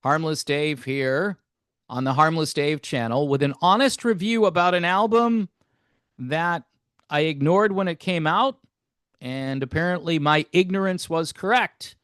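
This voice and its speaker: A man talks through a casual review on his own channel, folksy and rambling, often poking fun at himself. His voice sits somewhat high for a man. The sound is dry and close, with no room echo. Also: fairly bright tone, clear, resonant tone. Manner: self-deprecating, rambling, folksy. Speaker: album reviewer, channel host.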